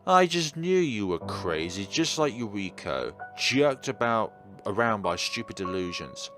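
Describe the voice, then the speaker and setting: Man voicing a cold scornful mother, game dialogue, contemptuous, lively pitch. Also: measured pace, faint music behind. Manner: contemptuous, sharp.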